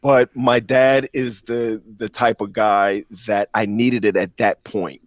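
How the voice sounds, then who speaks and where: Man, podcast panelist, halting delivery, repeated words, dry close sound. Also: lowish voice, steady tone, no echo. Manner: halting, repeats words while searching for them. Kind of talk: personal testimony in casual chat.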